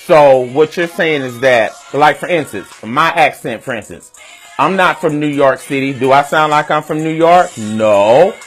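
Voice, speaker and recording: A man's voice: on the high side, a little slow, a bit bright, faint music behind. A man with a Southern US accent hosting a web series, talking candidly and casually to his viewers and asking them questions.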